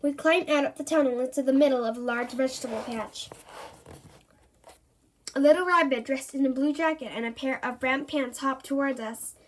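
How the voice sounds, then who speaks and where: A woman reading a children's book aloud in a playful, expressive way. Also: high-pitched, normal speed. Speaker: storybook reader.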